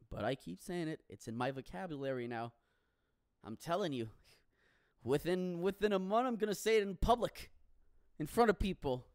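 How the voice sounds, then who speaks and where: A man in a profane comic rant, animated and swearing, with bursts of shouting. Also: on the high side, moderate pace, no room sound, studio quality.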